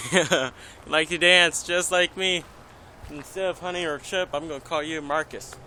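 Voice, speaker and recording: A man's voice: on the high side, measured pace, bright, forceful tone, a little hiss or hum. A man filming at an outdoor zoo, chatting playfully and coaxingly with parrots. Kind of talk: casual chat with birds. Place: outdoor zoo by bird enclosure. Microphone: handheld camera.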